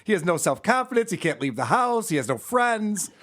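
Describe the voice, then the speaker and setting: Man, podcast co-host, casual chat, blunt remarks, high voice. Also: very animated, brisk, a bit bright.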